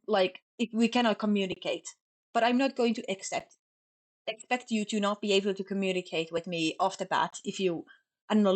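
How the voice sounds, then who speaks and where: A young Finnish woman with a Finnish accent chats casually on stream in a medium-pitched voice. She talks fast and sloppily, stumbling over her words.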